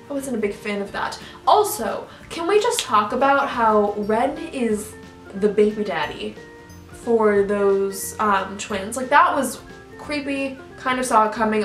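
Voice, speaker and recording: A woman's voice: medium pitch, fairly bright tone, distant mic. A young woman YouTuber rambling through a casual reaction rant, full of "like" and restarts. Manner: rambling, filler-heavy, lots of "like". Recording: echoey room, off-mic, faint music.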